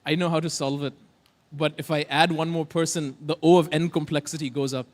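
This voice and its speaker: High-pitched male conference emcee, playful stage banter, fills time with jokes. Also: steady tone, brisk. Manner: joking, playful, chatty.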